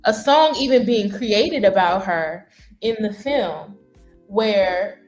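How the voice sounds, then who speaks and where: A woman speaking as a talk show guest, thoughtful and unhurried, pausing often with ums. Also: mid-range voice, darkish tone, echoey room, faint music behind.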